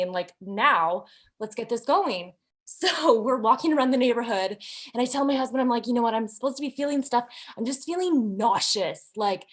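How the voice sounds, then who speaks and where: Animated woman telling her own story. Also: a little high. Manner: candid, animated storytelling with quoted inner voices and laughs. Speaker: podcast guest. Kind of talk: personal birth story.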